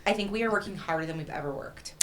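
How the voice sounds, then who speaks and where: A woman speaking as a guest in a casual interview, telling stories in a candid, animated way with frank profanity. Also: on the low side, quick pace, slight background noise. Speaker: county party chair, guest.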